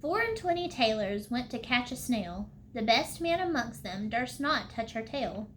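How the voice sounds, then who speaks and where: Storybook mice chorus, tiny and cheeky, sing-song rhymes, pitched way up, played by a woman reader. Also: sing-song, normal speed, fairly bright tone, slight background noise, rough recording.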